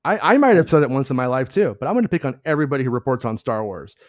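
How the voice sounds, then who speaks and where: A man's voice: very fast, dry recording, studio quality. Profane, rambling man on a fan podcast. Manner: rambling, animated, mocking asides in high put-on voices; profane, blunt rants. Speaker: podcast co-host. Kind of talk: casual fan podcast chat.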